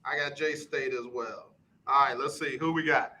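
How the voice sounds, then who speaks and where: A man hosting a casual sports talk radio show, quizzing his guest in a brisk, repetitive rhythm. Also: mid-range voice, fairly even intonation, bright, forceful tone, poor audio.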